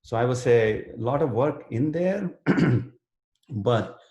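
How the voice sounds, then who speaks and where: A man's voice: medium pitch, expressive, takes it slowly, dark tone, roomy sound, highs cut off. A man teaching a live online writing workshop and answering student questions earnestly, with many fillers and restarts. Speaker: writing instructor. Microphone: video call.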